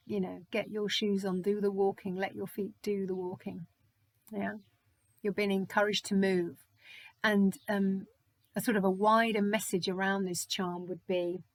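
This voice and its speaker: A woman's voice: mid-range voice, no room sound. A woman doing a spiritual charm reading, gushing and thankful as she thinks aloud. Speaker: oracle reader.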